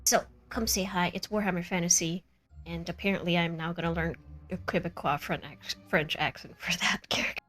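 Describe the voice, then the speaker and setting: A woman's voice: lowish voice, fairly even intonation, brisk, fairly bright tone. Giggly woman game master wrapping up. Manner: bubbly, giggly, chatty. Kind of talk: casual chat wrapping up a live tabletop stream.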